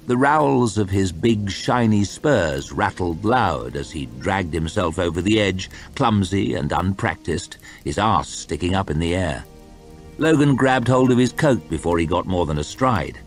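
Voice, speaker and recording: A man reading a fantasy novel aloud in an expressive storytime style. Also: low-pitched, a little slow, faint music behind. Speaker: audiobook reader.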